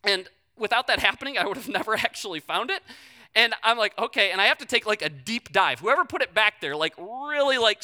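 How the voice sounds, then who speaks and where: A young man preaching, a pastor telling a personal story in a blunt, animated way. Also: high voice, clear, resonant tone.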